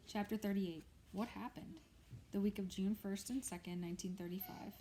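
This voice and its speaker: A woman's voice: mid-range voice, normal speed, background noise. Woman narrating a novel aloud. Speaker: audiobook reader.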